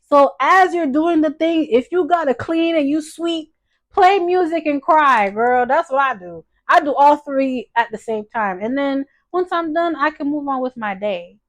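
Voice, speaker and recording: A woman in her thirties talking from her bedroom at home as a vlogger, giving earnest, encouraging personal advice that turns lively and emphatic. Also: high voice, unhurried, no room sound.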